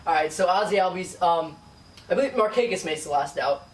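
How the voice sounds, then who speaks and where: A man with a New York accent co-hosting a sports podcast, talking in a profane, animated, casual way. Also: sits high, fairly quick, a crowd in the background. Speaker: podcast co-host. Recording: echoey room from far off, faint noise.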